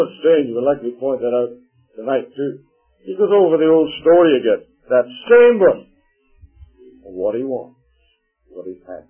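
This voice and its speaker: A man preaching a sermon in a dramatic style, swelling to loud peaks and dropping to hushed tones. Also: medium pitch. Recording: tinny lo-fi sermon tape with faint music.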